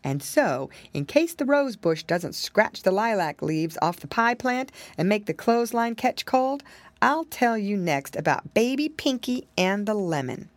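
A woman narrating a children's storybook with gentle, expressive storytelling. Her voice moves lively up and down, at a middle pitch, and sounds close and dry with no room around it. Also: measured pace, no echo. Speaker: audiobook reader.

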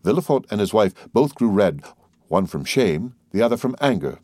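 A man narrates a classic novel in a steady, even reading voice. His tone sits on the low side, and the recording is dry and close with no room sound. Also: normal speed, no room sound. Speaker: audiobook narrator. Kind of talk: scripted narration.

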